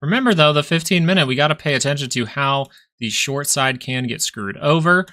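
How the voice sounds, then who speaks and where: Brisk and forceful, a young stock market streamer analyzes charts live, musing aloud in a relaxed way. His voice sits on the high side and sounds bright.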